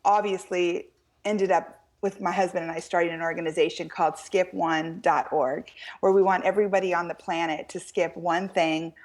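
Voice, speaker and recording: An American woman, middle-aged, telling a story as an author guest in an interview, lively and quoting people in animated voices. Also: lowish voice, normal speed. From United States. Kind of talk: storytelling in a talk-show interview.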